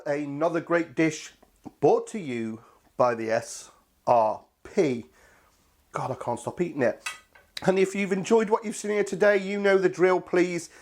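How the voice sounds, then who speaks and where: A man hosting a casual cooking video, chatty and enthusiastic, talking to viewers as his friends. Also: on the high side. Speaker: cooking channel host.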